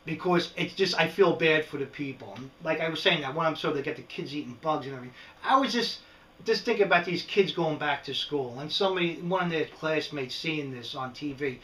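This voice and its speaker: A rambling, animated man with a New York accent, his voice pitched a little high. He sits back from the mic in a roomy space with a clear echo. He is a middle-aged vlogger on a casual rant. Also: brisk, recorded from a distance, a little hiss or hum. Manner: animated, rambling, frequent "right?" asides. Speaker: prepping vlogger. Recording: echoey room, speaker away from the mic.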